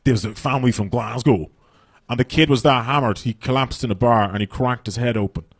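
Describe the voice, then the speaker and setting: A man with a Dublin Irish accent, rattling through a stand-up set at speed. His delivery is blunt and full of swearing, and his mid-pitched voice sounds close and dry on a handheld mic. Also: dry recording. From Dublin, Ireland. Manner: profane, blunt, rapid-fire. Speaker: stand-up comedian. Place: comedy stage.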